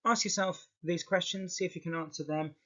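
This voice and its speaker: A man's voice: high-pitched, steady tone, fairly quick, fairly bright tone. A man teaching English in an explanatory video lesson, often checking in with "okay" as he talks the class through. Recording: muffled lo-fi recording.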